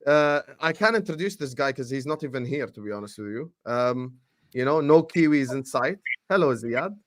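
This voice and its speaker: A man's voice: medium pitch, animated, moderate pace, dry recording. A man hosting a casual football fan show over a video call, teasing his guests with slang and swearing freely. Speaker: host. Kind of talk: casual banter among football fans.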